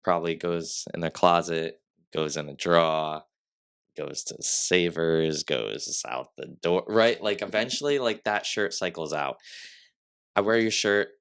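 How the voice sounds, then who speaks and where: Young male podcast guest, very low voice, sniffly, chatty storyteller who fills his talk with "like". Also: measured pace, gravelly, fairly bright tone, clean tone. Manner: storytelling with acted quotes, many "like" fillers. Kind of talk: casual podcast chat.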